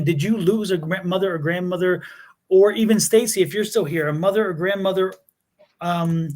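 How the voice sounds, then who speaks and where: Man doing a live psychic reading, fairly high voice, questioning, halting restarts. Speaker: psychic reader.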